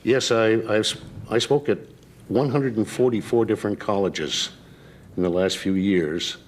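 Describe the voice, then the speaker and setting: An older man, a guest voice actor, telling relaxed stories in a talk show interview, with plenty of pauses and fillers. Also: lowish voice. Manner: relaxed anecdotal storytelling with many fillers.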